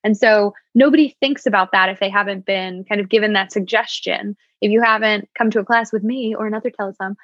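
A woman's voice: mid-range voice, steady tone, a little fast, few pauses, a bit bright, dry recording. A woman sommelier chatting as a podcast guest, upbeat with wry asides. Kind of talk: casual podcast interview. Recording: dull, slightly lo-fi dry sound.

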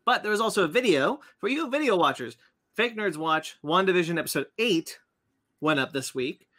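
A man in his thirties co-hosting a podcast, excitable and teasing as he runs through announcements. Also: high-pitched, normal speed. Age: 30s. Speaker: podcast co-host. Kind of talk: casual podcast chat.

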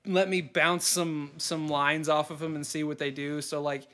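A man hosting a comedy podcast game show, chatting in a playful, rambling way with quick laughs. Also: on the high side, little pitch movement, fairly bright tone. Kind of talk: casual comedy podcast chat.

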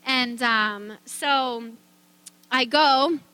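A woman's voice: high voice, drawn-out words, pushed and bright, smooth. A middle-aged woman telling a personal faith testimony in a chatty way, with many fillers, restarts and easy laughter. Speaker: speaker sharing a faith testimony.

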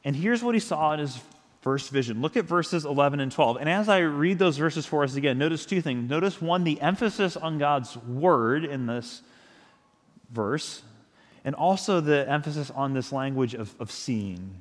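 A man's voice: on the high side, animated, moderate pace. A man preaching a sermon as pastor, speaking in a reflective, conversational way with small restarts. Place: church sanctuary. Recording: long church-hall reverb.

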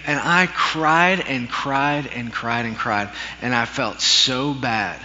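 A man's voice: mid-range voice, slow pace, few pauses, bright, forceful tone. A man preaching a sermon, telling a story from his childhood in an earnest way with some self-deprecating humor. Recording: dull recording with long hall reverb.

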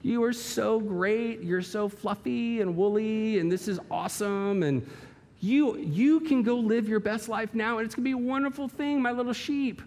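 A man voicing a doting shepherd who coos sweetly over his fluffy sheep, in a high sing-song way, in an echoey hall. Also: normal speed, a little mellow.

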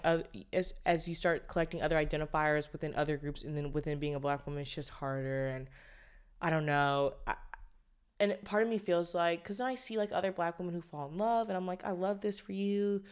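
A young woman with a slightly low voice chats on her own podcast. She rambles loosely and swears freely, with many fillers and heavy sighs between her thoughts. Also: smooth. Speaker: podcast host. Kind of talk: casual solo podcast chat.

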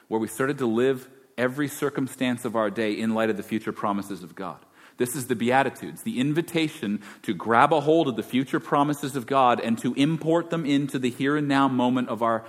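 A man's voice: mid-range voice, fairly bright tone. A man preaching a sermon as pastor, conversational and then emphatic. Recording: long hall reverb.

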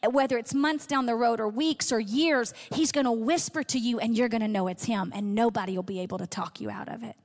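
A middle-aged woman pastor giving an earnest, conversational sermon, acting out little quoted exchanges as she teaches. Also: on the high side. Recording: long hall reverb.

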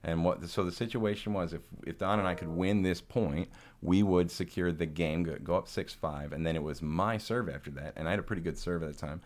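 A man's voice: sits low, a little fast. A man co-hosting a casual chat, telling a long story with laughs, swearing and frequent restarts. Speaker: podcast co-host.

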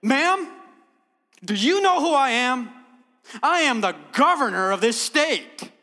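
A man's voice: very high-pitched, sing-song, takes it slowly, sharp tone, big-room sound, pitched above the performer's own voice, full character voice. A man playing a hungry male governor who begs for more food, then tries to sound commanding. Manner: whiny, begging.

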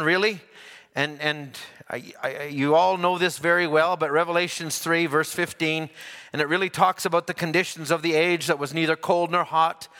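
A man preaching a folksy sermon, joking between loud, drawn-out scripture readings. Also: high-pitched, in a large hall.

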